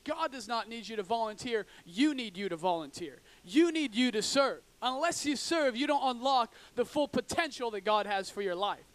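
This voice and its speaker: A man preaching a sermon in an animated way, acting out frustrated drivers and swinging between loud outbursts and hushed asides. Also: very high-pitched. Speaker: pastor.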